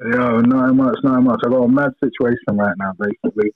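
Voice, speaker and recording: A man's voice: mid-range voice, steady tone, fast talker. A young male caller, rambling in laid-back slang about his dating troubles. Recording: tinny phone line.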